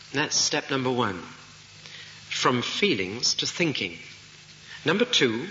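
This sermon comes from a man whose medium-pitched voice has a sharp tone, bringing a story vividly to life and throwing out rhetorical questions. It is captured dully in an echoing hall, with a little background noise.

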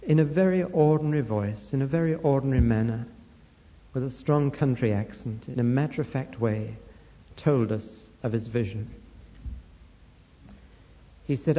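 A man's voice: mid-range voice, moderate pace, long pauses. A man preaching a sermon, telling stories that build to fervent emphasis. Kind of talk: sermon storytelling. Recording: lo-fi recording in a reverberant hall.

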